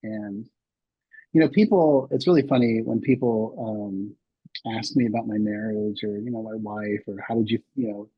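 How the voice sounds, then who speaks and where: A man's voice: on the low side, normal speed, slightly rough, no room sound, lo-fi sound. A man in his sixties telling personal stories as a podcast guest, rambling with many restarts and fillers. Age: 60s. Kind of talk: candid interview storytelling.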